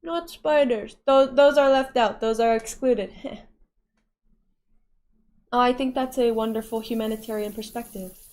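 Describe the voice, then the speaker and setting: A woman's voice: fairly high pitch, unhurried, a little mellow. Giggly young woman streamer. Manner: giggly, playful, reacts to chat. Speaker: livestreamer reading chat. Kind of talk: casual stream chat.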